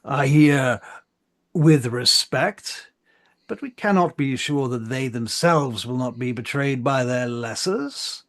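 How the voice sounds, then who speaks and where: A man voicing a suspicious, pompous marshal who speaks slowly and oratorically. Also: mid-range voice, lively intonation, fairly bright tone, voice pushed up. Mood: warning, oratorical. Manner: slow, oratorical, cautioning. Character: suspicious, pompous male marshal addressing a council.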